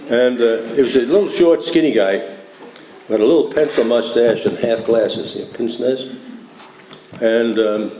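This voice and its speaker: An older man from New York tells a wry, chatty story to a meeting, his voice dark and mellow. The hall is echoey, with faint noise behind him. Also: medium pitch. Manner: humorous, conversational, many "you know" and "right?". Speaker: AA speaker.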